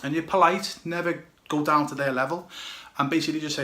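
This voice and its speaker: A man's voice: fairly high pitch, steady tone, fast, bright, forceful tone, echoey room. A blunt, emphatic man with a British accent, a goalkeeper coach giving direct advice and often checking "okay, yeah?". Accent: British English.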